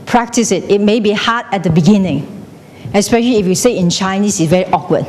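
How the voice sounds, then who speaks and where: A woman's voice: quick pace, darkish tone. Chatty woman teacher in echoey hall. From Malaysia. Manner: chatty, mixes in Chinese phrases, checks in with "okay?". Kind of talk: classroom lecture. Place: classroom hall. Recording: echoey hall with faint rumble.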